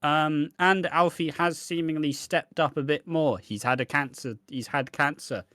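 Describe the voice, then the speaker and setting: A man's voice: on the high side, fairly even intonation, normal speed, pushed and bright, no echo, clean studio sound. A man co-hosting a podcast, talking bluntly and animatedly with plenty of swearing. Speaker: podcast co-host. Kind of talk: casual podcast chat.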